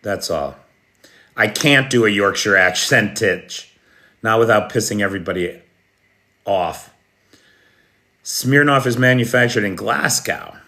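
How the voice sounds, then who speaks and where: With a lowish, sharp-toned voice, this American livestream news host speaks a little slowly and leaves long pauses. He's chatty, addresses viewers directly by name as he answers their comments, and clears his throat often.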